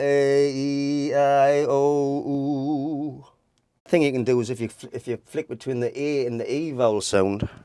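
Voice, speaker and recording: A man's voice: fairly low pitch, mellow, no room sound. Rambling man teaching voice, dry sound. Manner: rambling, restarts often, demonstrates vowels. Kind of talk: informal vocal lesson.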